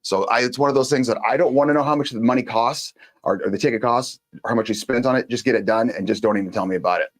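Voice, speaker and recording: A man's voice: medium pitch, fast talker. A man hosting his own show, telling a story in a blunt, casual monologue and acting out the quotes. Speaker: show host.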